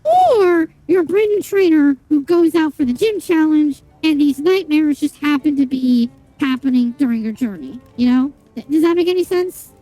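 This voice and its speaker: A young woman streams a game and chats casually with viewers, rambling, swearing a lot and full of fillers and restarts. Her mellow voice sits high and is animated, at normal speed with hardly any pauses. The recording is dry and rough.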